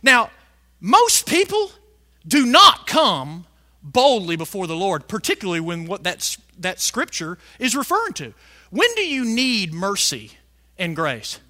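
A male preacher delivering a fiery sermon, shouting some lines and stretching words out slowly for emphasis. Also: sits high, huge pitch swings. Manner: fiery, shouting emphasis with big swings in loudness.

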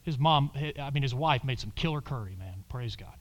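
A man preaching a sermon, swinging from loud exclamations to hushed whispers and calling on the congregation to repeat lines after him. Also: mid-range voice, expressive, fairly quick, lo-fi sound. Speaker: pastor.

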